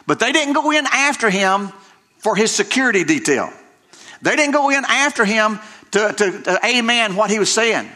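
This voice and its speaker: A man's voice: sits high, pushed and bright. A middle-aged male pastor preaching a sermon, emphatic and folksy, repeating phrases and breaking into conversational asides.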